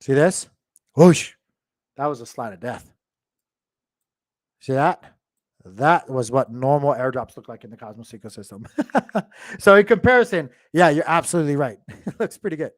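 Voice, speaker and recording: A man's voice: mid-range voice, animated, normal speed, long pauses, no room sound, studio quality. A man hosting a casual crypto market video, thinking aloud and rambling with lots of fillers. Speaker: crypto channel host. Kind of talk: casual market commentary to viewers. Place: home.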